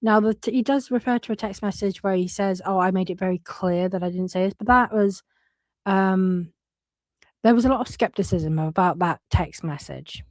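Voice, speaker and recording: Speaking at normal speed in a medium-pitched, somewhat dark voice, a woman offers blunt, casual remarks while reading messages aloud. She curses freely and frequently stops mid-sentence to start over, and there's no room sound.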